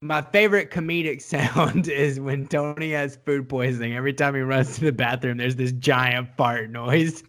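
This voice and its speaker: A man co-hosting a podcast in casual chat, animated and swearing, laughing often as he talks. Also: medium pitch, normal speed, few pauses. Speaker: podcast co-host.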